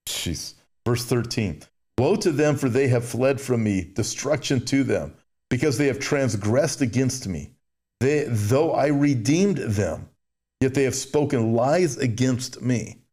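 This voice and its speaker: A man's voice: lively intonation, a little slow, mellow. Emphatic male preacher, mocking asides. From United States. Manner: mimics complainers in a whiny high voice. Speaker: show host. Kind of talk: sermon with Bible reading.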